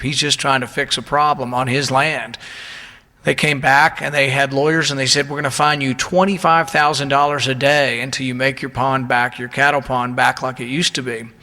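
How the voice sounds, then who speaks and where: A man's voice: medium pitch, bright, forceful tone, in a large hall. A man giving an indignant, emphatic public speech and telling stories of ordinary people.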